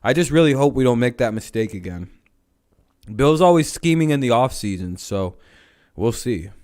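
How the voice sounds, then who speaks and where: A man's voice: medium pitch, expressive, moderate pace, a little mellow. A man hosting a livestream, chatting casually about football in a rambling, joking way with plenty of swearing. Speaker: livestream host. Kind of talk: casual sports chat.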